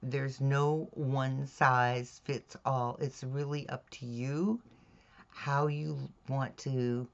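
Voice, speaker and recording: Woman teaching mystery writing, slow steady delivery, kinda muffled lo-fi sound. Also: a bass voice. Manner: measured, deliberate, with "all right?" check-ins. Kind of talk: instructional talk on writing craft. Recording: dull lo-fi recording.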